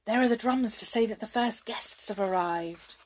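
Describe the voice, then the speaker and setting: Woman playing a brownie boy, storybook, excitable, cross, high, loud. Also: moderate pace, a little hiss or hum, natural voice. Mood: excited. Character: excitable, quick-tempered little male brownie.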